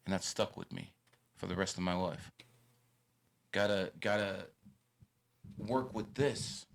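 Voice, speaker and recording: A man's voice: low voice, level tone, normal speed, creaky. A man hosting a podcast, giving blunt and profane advice in a lecturing tone. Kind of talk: casual podcast talk.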